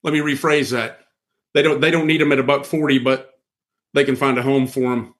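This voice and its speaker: A man talking about markets as a podcast guest, folksy and blunt, telling stories in an animated way. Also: mid-range voice, brisk. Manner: animated storyteller who acts out quoted voices. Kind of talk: casual podcast conversation.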